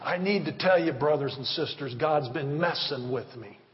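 Fervent high-voiced pastor in a church hall. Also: male voice, normal speed. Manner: fervent, rhythmic, repeating appeals. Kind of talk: sermon with prayer. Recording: reverberant, dull church recording.

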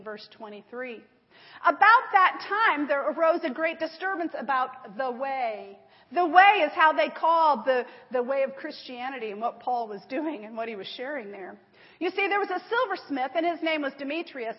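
A woman teaching a sermon, telling a Bible story and reading scripture aloud with emphasis, using slides. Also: sits high. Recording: dull audio in a large reverberant hall.

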